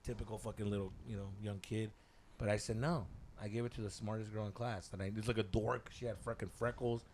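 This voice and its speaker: A man's voice: on the low side, flat delivery, fairly quick, a little mellow, a little hiss or hum. A young man co-hosting a podcast, telling rambling, profane stories in casual chat and dropping Spanish slang as he acts out other people's lines. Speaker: podcast co-host.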